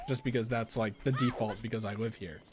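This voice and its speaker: A man's voice: lowish voice, steady tone, fairly quick, a crowd in the background. A young man with a Philadelphia accent, rambling casually as he comments on his gameplay, full of fillers and restarts. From Philadelphia, USA. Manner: rambling, musing aloud, many fillers and restarts. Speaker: let's play gamer.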